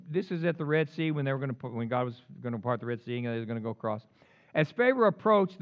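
A man preaching a sermon, swinging between loud emphatic lines and quiet asides. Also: mid-range voice, dull audio. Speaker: pastor.

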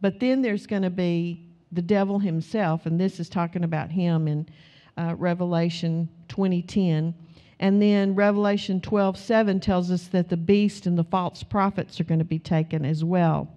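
A middle-aged woman preacher giving a sermon in a conversational, animated storytelling way. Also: fairly low pitch, normal speed, highs cut off. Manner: conversational, animated storytelling, many "you know"s.

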